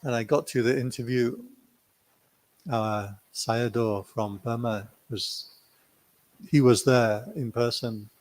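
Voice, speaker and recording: A man's voice: mid-range voice, steady tone, slow, long pauses. A man teaching meditation, telling a retreat story in a playful way and acting out the quotes. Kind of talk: dharma talk with a story.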